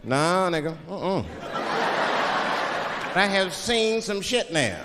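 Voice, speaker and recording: A man's voice: high-pitched, lively intonation, slow pace, heavy background noise. A man performing a stand-up comedy routine on stage, telling stories and slipping into put-on voices for the people in them. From Washington, D.C. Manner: switches into put-on voices for characters. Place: comedy stage before a live audience. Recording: live stage recording in a large hall with crowd laughter. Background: audience laughter.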